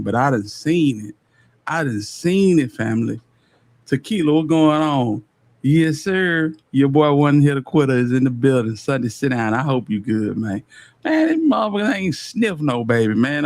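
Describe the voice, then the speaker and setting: Exasperated Southern man reacting live. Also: medium pitch. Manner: animated, exasperated, slangy, swearing. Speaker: streamer reacting to a court case. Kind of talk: casual live-stream commentary.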